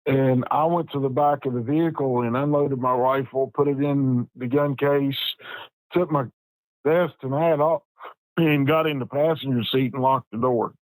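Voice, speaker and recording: A man's voice: mid-range voice, steady tone, dry recording, poor audio. Plainspoken man in his fifties. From West Virginia. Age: 50s. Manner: plainspoken, folksy, halting pauses. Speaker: Bigfoot researcher guest. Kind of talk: personal storytelling.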